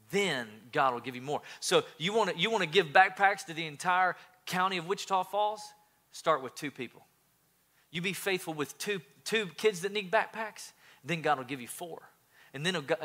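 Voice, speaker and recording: Pastor guy preaching, bright tone, kinda high, repeats himself a lot. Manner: animated preaching, repeats words, shifts loud and soft. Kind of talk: sermon.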